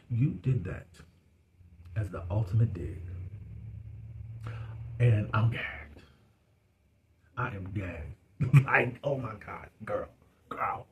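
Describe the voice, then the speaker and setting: A man's voice: lowish voice, warm tone, slight background noise. A man doing a casual, gossipy recap of a reality show. He is chatty, laughs often and uses dialect words like "y'all" and "you be".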